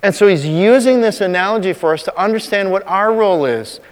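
A man's voice: high-pitched, expressive, clear, resonant tone. Conversational preacher man in a reverberant hall. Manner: conversational preaching, slows for emphasis. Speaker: pastor. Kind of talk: sermon.

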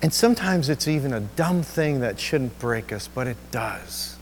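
A man's voice: mid-range voice, lively intonation, slight background noise. Man preaching, emotional story, church reverb. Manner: emotional, repetitive storytelling with halting restarts. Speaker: pastor. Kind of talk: sermon with personal story. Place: church sanctuary.

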